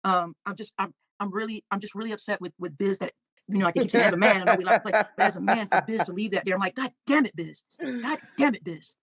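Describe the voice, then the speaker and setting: A woman hosting a casual livestream, reading out viewer comments and talking with emotion, often halting and repeating her words. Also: mid-range voice, steady tone, a bit bright, dry recording. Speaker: livestream host.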